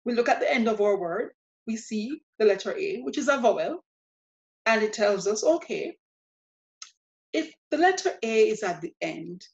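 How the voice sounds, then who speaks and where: A woman teaching a language lesson, explaining rules step by step in a patient, methodical way and repeating example words slowly. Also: a little high, sing-song, vocal fry. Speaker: Spanish teacher. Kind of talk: spoken grammar lesson. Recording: dull lo-fi sound.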